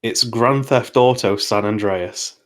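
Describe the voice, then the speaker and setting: Man, 30s, podcast host, lowish voice, easygoing chatty delivery. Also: slow. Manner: relaxed, chatty, laughs easily. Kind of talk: casual chat.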